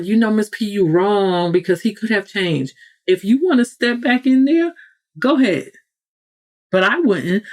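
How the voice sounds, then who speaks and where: Woman preaching with rhetorical questions. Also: medium pitch. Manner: acts out quoted people in raised voices. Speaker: podcast host. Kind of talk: motivational talk.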